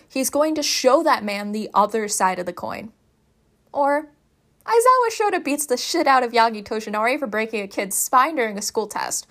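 A woman's voice: a little high, a bit bright. A woman casually reading a fan story aloud, chatty, emphatic and swearing freely. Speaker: fanfiction reader.

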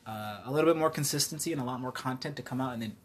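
A man co-hosting a podcast in casual chat, slangy and quick to laugh, often losing his train of thought. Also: mid-range voice, slight background noise. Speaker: podcast co-host.

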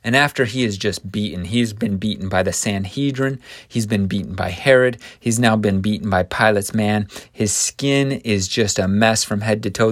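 A man's voice: on the low side, dry recording, clean studio sound. A man teaching a scripture lesson in an earnest, vivid storytelling manner.

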